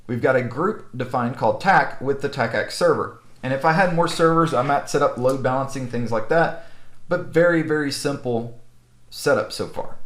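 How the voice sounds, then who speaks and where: Male instructor, relaxed tutorial delivery with lots of "okay?" checks, roomy echo. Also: mid-range voice. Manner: casual, with frequent "okay?" and "right?" checks. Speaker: network instructor. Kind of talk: screen-recorded technical tutorial.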